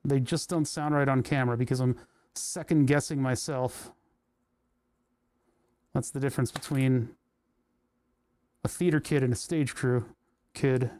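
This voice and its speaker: A man's voice: mid-range voice, steady tone, measured pace, long pauses, darkish tone. A man from New Jersey chatting casually on a live stream, rambling and chuckling as he thinks aloud while working on electronics. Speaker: livestreamer building electronics.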